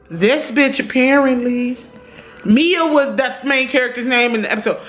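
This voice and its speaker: Animated, profane young woman reviewing TV. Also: high-pitched, faint music behind. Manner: animated, profane, swings between loud outbursts and quick asides. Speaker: TV review vlogger. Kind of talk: casual spoken TV review.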